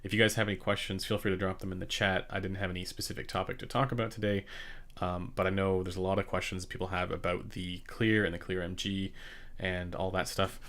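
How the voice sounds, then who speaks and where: A man hosting a casual live-stream Q&A about headphones, speaking in a relaxed, rambling way with many fillers and restarts into a slightly quiet condenser microphone. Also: low voice, brisk. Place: home room during a studio move. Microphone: studio condenser microphone, a bit quiet.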